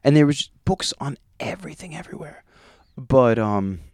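A man being interviewed, telling rambling family stories in a casual, animated way and laughing often. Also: medium pitch, moderate pace, dry recording, clean studio sound. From Long Island, New York. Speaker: guest musician.

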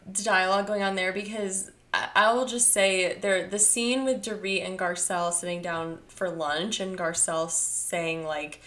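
Woman, podcast co-host, measured and thoughtful, mid pitch. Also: fairly even intonation, a bit bright. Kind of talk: casual chat.

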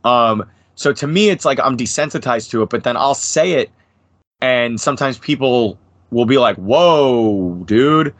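A New Jersey man in his thirties with an American accent guests on a podcast, chatting casually in a mid-range voice at normal speed with no room sound. He swears a lot, rambles through his stories, and does lively impressions.

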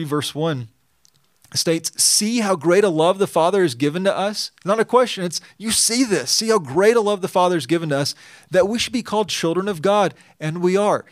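Earnest man preaching, slightly high voice. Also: no room sound, clean studio sound. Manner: earnest, emphatic, reads scripture then explains it. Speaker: pastor. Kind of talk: expository sermon.

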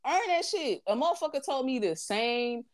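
A woman's voice: high voice, expressive, normal speed. A woman, talking bluntly and profanely in casual chat, repeating her points for emphasis.

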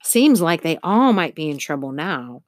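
A woman's voice: low voice, big pitch swings, moderate pace, no echo, clean studio sound. A breathless, urgent young girl, as a woman reads her out.

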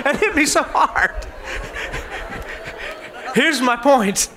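A man preaching a sermon as pastor, telling animated stories and often laughing. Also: very high voice, extremely slow, pauses often, crowd noise, background noise.

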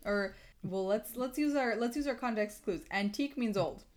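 A woman co-hosting a podcast in casual chat, relaxed and wry, reasoning things out aloud. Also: on the high side, normal speed. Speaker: podcast co-host.

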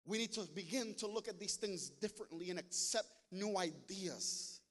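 High-voiced preacher man in a reverberant hall. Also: normal speed. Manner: rising to loud emphatic preaching, addressing the congregation. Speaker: pastor. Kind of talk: sermon.

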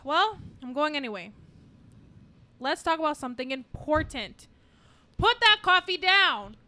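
A woman reading the part of a crude, commanding male sales boss in an amateur scene reading on a podcast, delivered loudly and assertively. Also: sits high, animated, moderate pace, a little hiss or hum. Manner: loud, assertive line reading.

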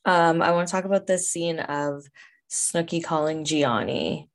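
A woman joins a podcast as a guest and speaks casually, often hesitant and keeping her answers short. Her voice is notably low for a woman. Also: unhurried. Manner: hesitant, brief replies. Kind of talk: casual chat.

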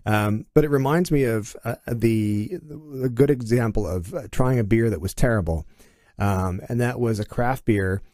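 Man from Canada, middle-aged, mellow voice, dry close sound, lively storyteller acting out voices. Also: on the low side, normal speed, no echo. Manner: animated, acts out quoted dialogue. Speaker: guest. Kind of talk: casual conversation, storytelling.

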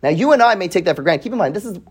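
A man's voice: high-pitched, expressive, racing, slightly rough. Man teaching a weekly Bible class. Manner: reads Hebrew verses then translates, asks students questions, often adds "right?"; restarts and repeats words while thinking aloud. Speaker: Torah teacher.

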